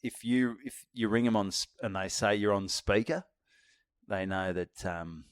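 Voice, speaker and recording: A fairly low-voiced man in his thirties, joking through casual podcast chat. His voice is close and dry, and he jumps in to finish his co-host's sentences. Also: measured pace, clean tone, no echo. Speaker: podcast co-host.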